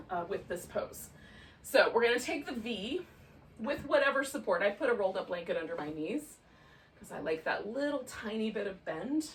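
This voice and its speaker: A woman's voice: mid-range voice, a bit bright. A middle-aged woman teaching a yoga class in a chatty, self-deprecating way, with many ums and small laughs. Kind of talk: guided yoga class instruction. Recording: voice from a distance off the mic, faint noise.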